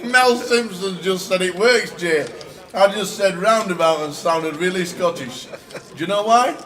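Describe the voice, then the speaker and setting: A man co-hosts poker commentary with dry, teasing asides. His voice sits a little higher than usual for a man. A clear crowd hum carries behind him. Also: measured pace. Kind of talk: casual live commentary chat.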